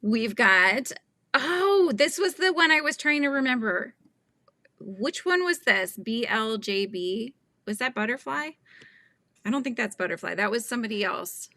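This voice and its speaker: A woman's voice: fairly high pitch, lively intonation, a little slow, vocal fry, sharp tone, no room sound. A woman hosting a casual live stream, chatting and laughing often in a scatterbrained, friendly way. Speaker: livestream host.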